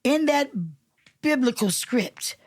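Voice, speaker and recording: A woman's voice: high-pitched, slow, darkish tone, no room sound, clean studio sound. Emphatic preacherly woman from Newark. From Newark, New Jersey. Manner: emphatic, preacherly, repeats phrases for effect. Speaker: city councilwoman and reverend. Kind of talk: conversational interview.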